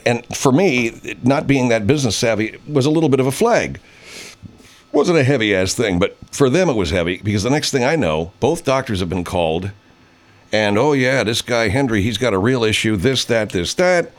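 A low-voiced man over fifty chats casually and rambles through a story. He swears freely, and his pitch swings widely as he acts out the people he quotes. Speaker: radio host. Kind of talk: casual off-air chat.

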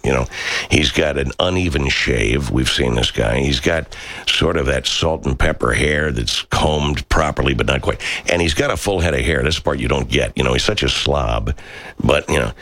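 A middle-aged man, a radio talk show host, chatting casually and answering viewer comments in a rambling, profane, animated way. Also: very deep voice, moderate pace, no room sound.

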